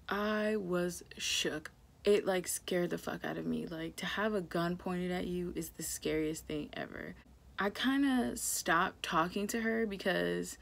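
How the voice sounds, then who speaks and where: Young woman vlogger, kinda low gravelly voice, chatty storytime, says like a lot. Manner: chatty, lots of "like", swearing. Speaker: beauty vlogger. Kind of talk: casual storytime while doing makeup.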